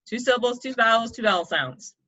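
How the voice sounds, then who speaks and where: A woman's voice: on the high side, expressive, fairly quick, bright, forceful tone. A young woman coaching kids through an online poetry lesson, explaining step by step and checking in often. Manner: encouraging, explains step by step, checks in with "right?" and "okay?". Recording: dull lo-fi sound.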